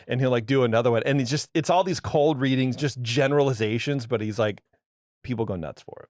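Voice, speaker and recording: A man's voice: mid-range voice, brisk, dry recording, clean studio sound. Joking man co-hosting a podcast. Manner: joking, teasing, interrupts with asides. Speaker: podcast co-host. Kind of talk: casual podcast chat.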